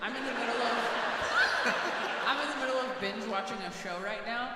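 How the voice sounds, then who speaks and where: A woman chats casually and giggles while reading out comments. Her voice sounds very echoey, with clear noise behind it. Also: fairly high pitch, normal speed. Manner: giggly, reads out fan comments. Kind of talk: casual chat.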